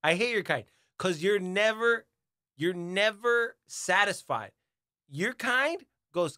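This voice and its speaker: A man's voice: high-pitched, expressive, slow pace, pushed and bright, dry recording, clean studio sound. A man co-hosting a comedy podcast who banters, teases and laughs a lot. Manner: teasing, laughs often. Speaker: co-host, barber. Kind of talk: casual banter.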